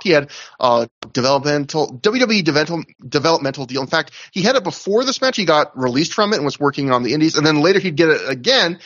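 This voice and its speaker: A man's voice: on the high side, fairly bright tone, highs cut off. A man hosting a podcast, recapping wrestling shows in a casual, chatty way with asides. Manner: chatty, recounting with asides and laughs. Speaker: podcast host.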